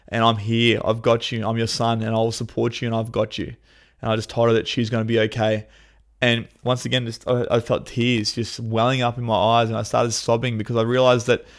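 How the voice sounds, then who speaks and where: A man, hosting a podcast and telling a personal story in a candid, emotional way, swearing freely. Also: mid-range voice. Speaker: podcast host.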